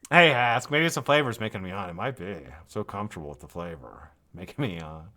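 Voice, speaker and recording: A man's voice: sits low, animated, fast talker, sharp tone. A tired, yawning man hosting a live stream, rambling casually with frequent swearing and laughter.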